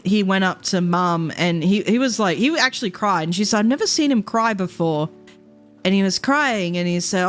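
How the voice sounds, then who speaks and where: Aussie streamer lady rambling thru stories, swears a lot, laughs a lot, faint music playing under her. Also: mid-range voice. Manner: rambling storyteller, swears freely, laughs often. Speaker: VTuber streamer. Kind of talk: casual chat.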